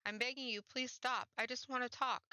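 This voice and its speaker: A woman's voice: a little high, steady tone, fairly quick, pushed and bright, dry recording, pitched above the performer's own voice. A woman reading aloud from a visual novel, voicing an anguished young nobleman who earnestly pleads with a girl. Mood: desperate pleading. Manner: earnest, pleading, emotional delivery. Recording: dull, slightly muffled dry recording.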